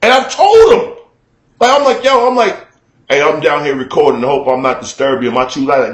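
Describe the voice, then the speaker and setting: A man telling a story to his camera in a casual, animated, profane way, acting out shouts at a neighbor, recorded in a room at home. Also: a little high, a little fast, reverberant. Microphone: camera mic.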